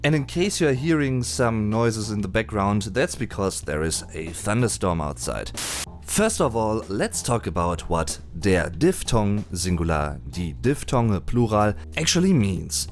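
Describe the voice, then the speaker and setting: A man giving a voice-over lesson on pronunciation, patiently spelling out and demonstrating sounds slowly. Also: lowish voice. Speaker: German language teacher. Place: indoors at home during a thunderstorm. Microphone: voice-over, no camera.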